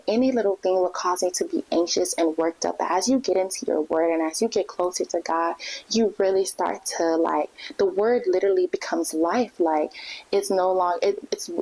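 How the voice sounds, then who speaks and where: A woman's voice: fairly low pitch, a little mellow, rough recording. A young woman hosting a podcast and sharing her personal faith testimony in an earnest, heartfelt way, with many fillers and restarts. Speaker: podcast host.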